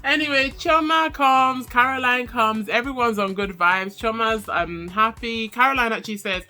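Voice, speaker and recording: A young woman chatting casually through a reality show recap, animated and quick to laugh. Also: faint music behind. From Nigeria. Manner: animated, laughs often, mimics people in high voices.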